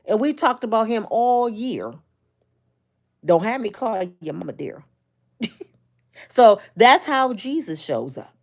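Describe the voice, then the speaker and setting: Lively high-voiced woman preaching her opinions. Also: takes it slowly, long pauses. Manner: expressive, preachy, acts out quotes in a sliding pitch. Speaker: commentary vlogger. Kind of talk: animated opinion monologue.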